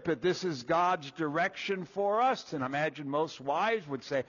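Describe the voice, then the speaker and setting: A man preaching a sermon, folksy and animated, acting out little quoted voices as he walks through Scripture. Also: fairly high pitch, unhurried, hardly any pauses, dull audio. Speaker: pastor.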